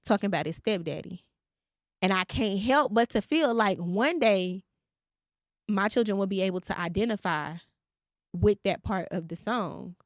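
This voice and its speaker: A woman podcast host, telling a story in casual chat and quoting others in a lowered voice. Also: normal speed, no room sound, studio quality.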